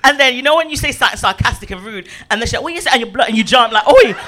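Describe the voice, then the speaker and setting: A woman's voice: a little high, rapid-fire, a little hiss or hum. A woman, chatting casually in front of a live audience and acting out voices as she tells stories. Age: 20s. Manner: animated storyteller, acts out voices with big laughs.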